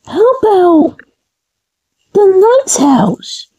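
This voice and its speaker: A very high, squeaky cartoon character, voiced by a woman, chirpy and naive, rambling eagerly through its ideas. The delivery is slow and drawn out, and the tone sits soft and mellow rather than bright. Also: very animated, heavily acted. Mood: cheerful. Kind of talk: fan cartoon voice acting.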